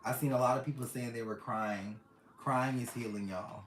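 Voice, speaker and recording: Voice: medium pitch, fairly even intonation, moderate pace, faint music behind. A tarot reader giving a casual reading to camera, earnest and affectionate, often repeating phrases to the listeners. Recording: roomy echo.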